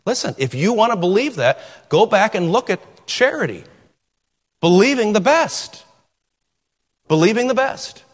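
A middle-aged man preaching from the pulpit, his fairly high voice swooping up and down as he drives his points home. He repeats key phrases for emphasis. The sound rings out with the long reverb of a church hall. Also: very animated, measured pace, pauses often. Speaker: pastor. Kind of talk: sermon. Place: church sanctuary.

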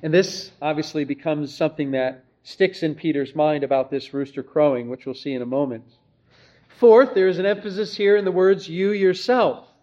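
A man's voice: on the high side, normal speed, warm tone, dull audio. A man preaching an expository sermon, earnest and emphatic, often asking rhetorical questions. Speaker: pastor.

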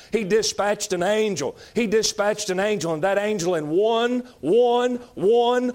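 A man preaching a fiery sermon, emphatic and repetitive, rising to shouts. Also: high-pitched. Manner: folksy, emphatic, shouting at peaks, repeats lines.

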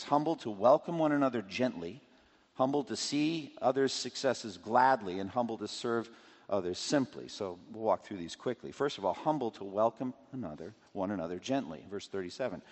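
Male preacher giving an expository sermon, dramatizing quotes, very expressive, in a reverberant hall. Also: mid-range voice. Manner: expository, acts out scripture quotes and scenarios.

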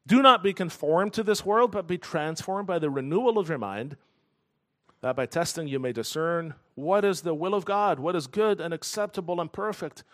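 A man preaching a sermon in an earnest, emphatic way, slowing down to stress key phrases. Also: a little high, a bit bright. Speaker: pastor.

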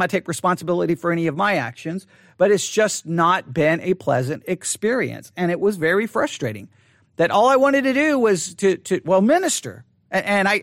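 A man in his forties with a fairly high voice, speaking to his online audience. His delivery is earnest and halting, with frequent restarts and repeated words. The recording is close and dry, with no room echo. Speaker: online Bible teacher. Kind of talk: personal monologue to an online audience. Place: empty church sanctuary.

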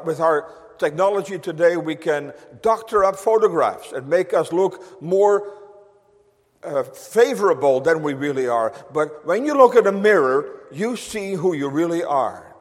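Man, pastor, sermon, high voice, unhurried delivery, long church reverb. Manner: slow, emphatic preaching with solemn scripture reading. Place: church sanctuary.

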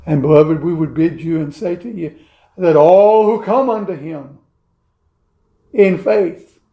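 A man preaching a sermon in a slow, measured way, pausing heavily between emphatic phrases. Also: sits high, warm tone, reverberant.

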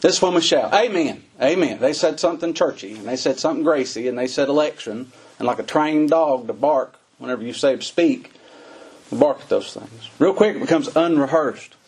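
Husky folksy preacher, man. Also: medium pitch, fairly quick, a little mellow. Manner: folksy, conversational preaching with rhetorical questions. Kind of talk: sermon.

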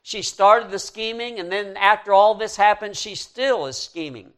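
Earnest preacher man, fairly high voice. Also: normal speed, fairly bright tone. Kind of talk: sermon.

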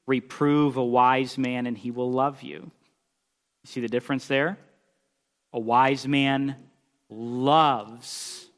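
A man preaching a sermon, emphatic, swinging between loud declarations and quiet asides as he reads scripture aloud. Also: medium pitch. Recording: long hall reverb.

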